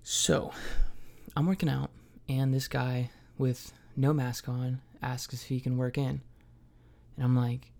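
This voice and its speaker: Young male podcast host, solo comic storyteller, profane and self-mocking, gravelly fry in a low mellow voice. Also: level tone, a little slow.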